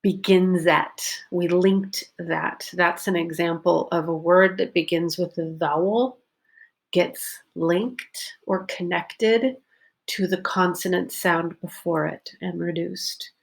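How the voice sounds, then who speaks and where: A woman teaching pronunciation, talking slowly and carefully and repeating example sentences. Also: on the low side, fairly even intonation, gravelly. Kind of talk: unscripted pronunciation lesson.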